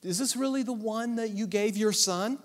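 A man's voice: high-pitched, moderate pace, voice pushed up, lightly acted. A man reading the lines of jealous, scheming brothers in a sly, mocking way. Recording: long hall reverb.

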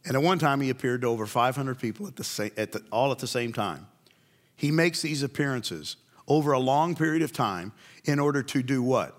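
Man, preacher, sermon, conversational storytelling, middle pitch, asks the listeners questions. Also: expressive, a little fast.

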